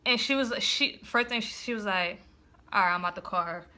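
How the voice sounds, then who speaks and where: A woman's voice: mid-range voice, fairly quick. A young woman, casually telling a story and acting out her own past lines, with lots of swearing. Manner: animated retelling, acts out own past lines, heavy swearing.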